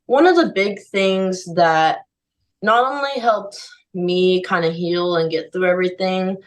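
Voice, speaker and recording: A woman's voice: lowish voice, a little slow, distant mic, poor audio. A young woman speaking as a podcast guest, candid and heartfelt, filling her speech with "like" and "you know.". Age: young adult. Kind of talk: candid conversational interview.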